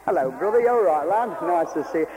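A man's voice: sits high, lively intonation, fast, warm tone. An older man preaching a fervent, repetitive revival sermon to a congregation in a meeting hall.

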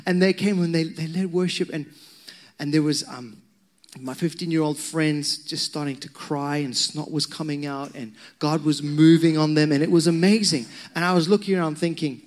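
A man's voice: a little high, moderate pace. A man preaching a sermon, telling personal stories with conversational asides to the congregation. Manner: animated storytelling, conversational asides to the crowd. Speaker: pastor.

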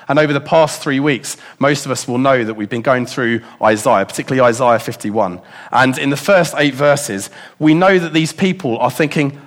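A man preaching a sermon in a reflective way, asking his congregation many rhetorical questions and dropping softer for emphasis. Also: medium pitch, moderate pace.

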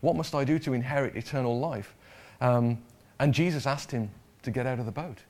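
A man delivers a sermon in a loose, conversational way. His voice sits at an ordinary middle pitch, and he often doubles up on words and asks his listeners questions as he goes. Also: a little fast, darkish tone. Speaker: preacher.

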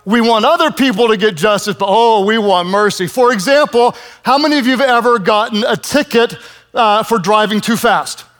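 A man in his fifties preaching a sermon, telling stories with lively, self-mocking humor. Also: high voice, moderate pace. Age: 50s. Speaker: pastor.

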